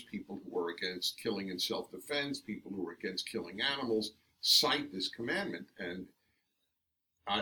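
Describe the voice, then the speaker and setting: Emphatic man with a low voice. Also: distant mic, slight background noise. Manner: emphatic, animated storyteller. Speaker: radio host as interview guest. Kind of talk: interview storytelling.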